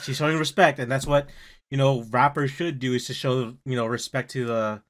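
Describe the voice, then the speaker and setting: A man hosting a music reaction video, talking in an excited, slangy way and calling people "dude" and "bro". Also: medium pitch, brisk. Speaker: reaction channel host.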